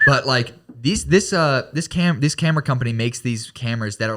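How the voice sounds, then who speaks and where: A man in a casual podcast chat in a bar, quick and joking, swearing as he teases his friend. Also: mid-range voice, fairly bright tone.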